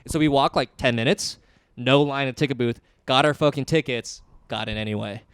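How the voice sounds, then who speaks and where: Young man, podcast co-host, casual storytelling, animated, swears freely, smooth resonant voice, dry close sound. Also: mid-range voice, a little fast, no room sound. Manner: animated retelling, acts out quotes, swears freely.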